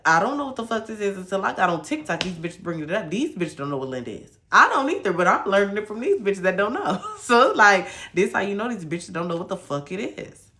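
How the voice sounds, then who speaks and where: A woman's voice: lowish voice, fairly bright tone. A woman from Michigan hosting a casual livestream chat, ranting bluntly and cursing freely at her viewers. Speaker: livestream host.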